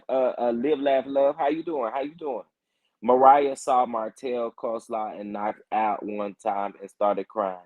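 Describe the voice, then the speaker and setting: A man hosting a casual morning chat, reacting to viewer comments and getting emphatic and loud when worked up. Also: mid-range voice. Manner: animated, emphatic, rising to loud protest when fired up. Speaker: reality TV commentary host.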